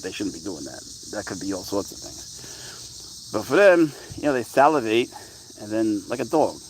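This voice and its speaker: A man's voice: on the low side, a little hiss or hum, low-quality recording. A man chatting casually on a live pet stream, rambling about his cat and answering viewers, his voice rising into baby-talk when he speaks to the cat.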